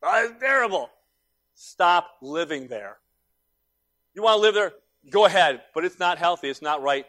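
Brief: middle-aged male pastor, high-pitched, emphatic repetitive sermon delivery with loud and soft swings. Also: lively intonation, moderate pace. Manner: emphatic and repetitive, swinging between loud exhortation and hushed asides.

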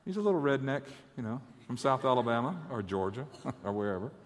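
Preacher guy putting on god the father, folksy and tickled, middle-pitched voice, big hall echo. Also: big pitch swings, fairly quick, close to an everyday voice. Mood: amused, fond.

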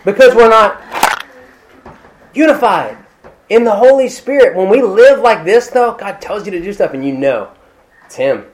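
A man's voice: high voice, expressive, normal speed, long pauses, a little hiss or hum. A man preaching a sermon as pastor of his church, talking casually with asides and acting out little quoted exchanges. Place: church hall with congregation.

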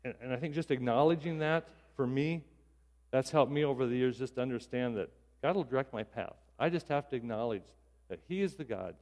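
A man preaching in an easy, conversational tone, his speech full of restarts and asides. His voice sits at an ordinary middle pitch and rings out with a long hall reverb, as in a church sanctuary. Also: brisk, a little mellow. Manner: conversational, self-deprecating, with repeated restarts. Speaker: pastor. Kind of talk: sermon.

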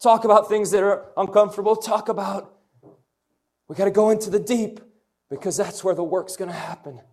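A young man preaches an energetic sermon to young people with a slightly high voice. He tells personal stories and calls on the room to answer him. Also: a little fast. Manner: energetic, storytelling, call-and-response. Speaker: youth pastor.

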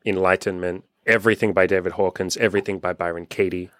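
A man's voice: low voice, fairly even intonation, quick pace, no echo, clean studio sound. A young man hosting as a dating coach, talking casually and profanely and acting out the voices of people he quotes. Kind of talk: casual podcast conversation.

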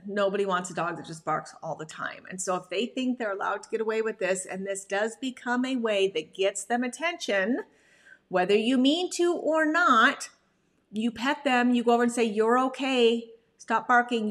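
A woman dog trainer giving a chatty, animated slide talk on puppy behavior, full of "like" fillers. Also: medium pitch, normal speed.

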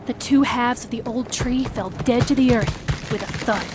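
A woman narrating a first-person audio story, expressive, acting out the shouted lines. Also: a little high, normal speed, noisy background.

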